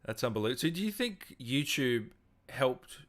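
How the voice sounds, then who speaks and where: A man's voice: medium pitch, very animated, normal speed, a bit bright. A man hosting a casual interview, encouraging with short reactions. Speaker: podcast host.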